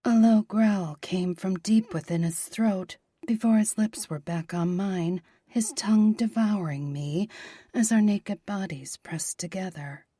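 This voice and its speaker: A woman narrating a romance audiobook in a soft, breathy, half-whispered voice. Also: mid-range voice, a little slow, dry recording, clean studio sound.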